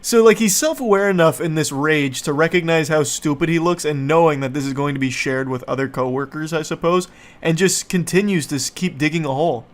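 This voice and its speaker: A man's voice: a little high, a little fast. A man giving comedic commentary as he reads text messages aloud, sarcastic, profane and incredulous. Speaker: online commentator.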